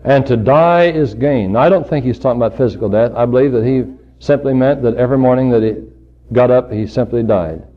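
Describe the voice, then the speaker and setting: A man preaching a sermon to his congregation, telling his own story in an earnest voice that climbs to fervent emphasis and sinks low again. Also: a little fast, lo-fi sound.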